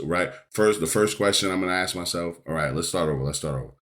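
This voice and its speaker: Podcast host, male, middle-aged, very low voice, emphatic coaching monologue full of repetitions. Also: fast talker, hardly any pauses, fairly bright tone.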